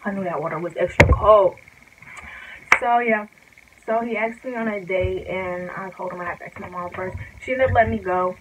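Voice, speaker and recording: A woman's voice: mid-range voice, moderate pace, heavy background noise. A young woman telling a casual storytime vlog, rambling and chatty with lots of filler words. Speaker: vlogger.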